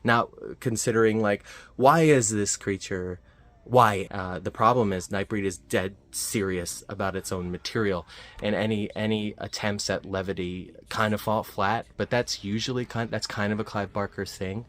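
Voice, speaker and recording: A man talks through a film review in a relaxed, off-the-cuff way, with a slightly low voice. He rambles, fills gaps with "uh" and restarts his sentences often. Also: normal speed. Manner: rambling, frequent fillers and restarts. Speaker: movie reviewer. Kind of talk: casual spoken film review.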